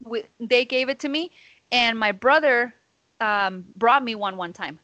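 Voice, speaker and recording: A woman's voice: a little high, measured pace, pushed and bright, no echo, highs cut off. A woman co-hosting a podcast from home over a video call, telling a story in a casual, profane, slangy way and acting out her own side of the conversation. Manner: profane, slangy, calls listeners "bro"; acts out her own quoted lines. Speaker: podcast co-host.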